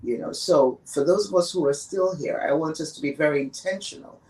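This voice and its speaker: A woman's voice: low-pitched, a little fast, darkish tone, recorded from a distance, rough recording. Earnest woman speaking slightly off-mic. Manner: earnest, emphatic, repeats for stress. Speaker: podcast guest. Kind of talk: reflective conversation on grief.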